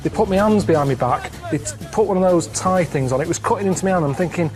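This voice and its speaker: A man tells a story in a deadpan, rambling voice. He sounds plain and unbothered, pitched a little high. Soft music hums underneath. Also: fast talker. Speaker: regular on a comedy talk show. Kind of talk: casual storytelling chat.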